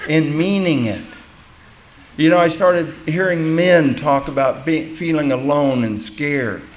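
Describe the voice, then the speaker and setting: In a rough recording, a man whose voice is a little high speaks at a measured pace, sharing his testimony at a recovery meeting. He's candid and pokes fun at himself, performing the voices of people he quotes.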